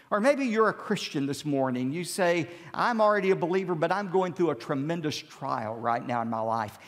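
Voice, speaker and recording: Male pastor, emphatic sermon delivery, lively pitch, big church reverb. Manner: emphatic preaching with dramatic pauses. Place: large church sanctuary. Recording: long hall reverb.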